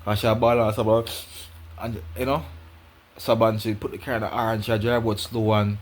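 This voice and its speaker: A man's voice: fairly low pitch, little pitch movement, fairly quick. A man with a Jamaican accent telling a personal story in patois, rambling and repeating himself as he goes.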